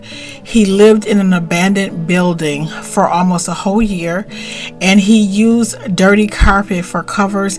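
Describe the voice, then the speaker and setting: A middle-aged woman hosting her own channel, telling a personal story in a rambling, chatty way that keeps interrupting itself. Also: medium pitch. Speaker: channel host. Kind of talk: casual storytelling to camera.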